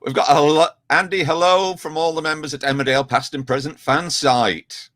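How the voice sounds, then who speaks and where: A man's voice: a little high, fairly quick, no echo, studio quality. A man hosting a chat show on a video call, reading out viewer messages and teasing his guests. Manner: lively, reads out viewer messages. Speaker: host.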